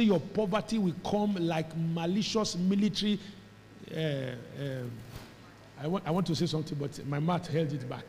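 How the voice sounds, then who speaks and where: Nigerian pastor preaching in a reverberant hall. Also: male voice, high-pitched, slight background noise. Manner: preaching with call and response, rising to shouts, mimicking Pidgin speech. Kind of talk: sermon. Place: church hall with congregation.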